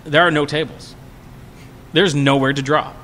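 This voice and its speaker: Bright-voiced man telling a rowdy story. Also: on the high side, moderate pace, in a large hall, a little hiss or hum. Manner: animated, profane storyteller. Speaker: podcast co-host. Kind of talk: casual storytelling chat.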